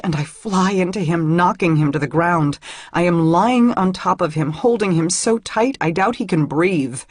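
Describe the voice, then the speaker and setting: A woman's voice: on the low side, slightly rough, dry recording. A woman narrating a first-person audiobook in an intimate, emotional reading on a close studio mic.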